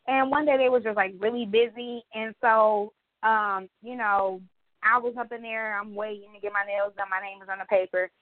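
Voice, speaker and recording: A young woman co-hosting a podcast, telling stories in a casual, animated way with plenty of swearing and acted-out quotes. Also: mid-range voice, normal speed, dry recording. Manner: animated storytelling, swears freely, acts out quotes. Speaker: podcast co-host. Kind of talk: casual chat. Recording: dry, phone-like sound.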